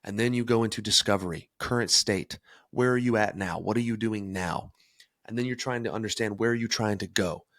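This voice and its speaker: A man's voice: on the low side, a little fast, fairly bright tone, no room sound, studio quality. A young man hosting a solo podcast, talking energetically and emphatically about self-improvement. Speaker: podcast host.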